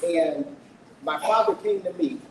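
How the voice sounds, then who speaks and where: A man's voice: sits high, unhurried. Earnest man telling his story in an echoey room. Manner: earnest, emotional, asks the audience questions. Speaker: author speaking at his book launch. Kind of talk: personal storytelling talk to an audience. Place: event room with an audience. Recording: echoey room, voice from a distance, faint noise.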